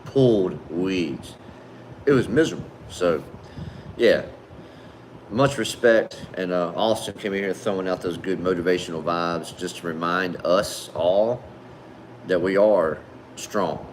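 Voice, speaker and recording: A man's voice: low-pitched, unhurried, slight background noise. A man hosting a casual livestream, reading viewer comments aloud in a laid-back, friendly way and calling people man and brother. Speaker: livestream host.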